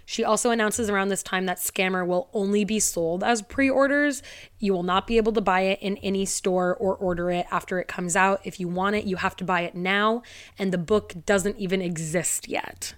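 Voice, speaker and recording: A woman's voice: medium pitch, fairly even intonation, moderate pace. Chatty, sarcastic young woman podcaster. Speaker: podcast host. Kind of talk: casual storytelling podcast.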